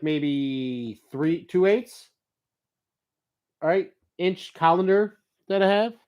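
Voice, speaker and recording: Animated, swearing storyteller man. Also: on the high side. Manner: animated storyteller who swears and laughs freely. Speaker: motivational vlogger. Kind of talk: casual monologue, reading notes aloud.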